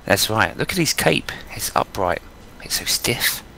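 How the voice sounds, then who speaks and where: A man's voice: on the low side, big pitch swings, measured pace, gravelly, pushed and bright, slight background noise. A man chatting and joking while playing an online game with friends, reading quest text aloud. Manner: joking, playful. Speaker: gamer.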